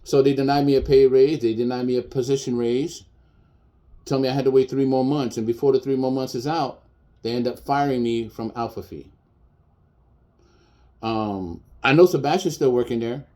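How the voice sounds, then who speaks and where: A man's voice: mid-range voice, mellow. A man in his fifties, a chef, speaking bluntly and defiantly in a personal video rant, repeating his points for emphasis. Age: 50s.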